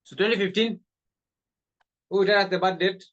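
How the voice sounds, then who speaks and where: A man's voice: high voice, fairly even intonation, fairly quick, a bit bright, muffled recording. A man teaching accounting, repeating his points with emphasis. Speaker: accounting tutor. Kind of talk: classroom lecture.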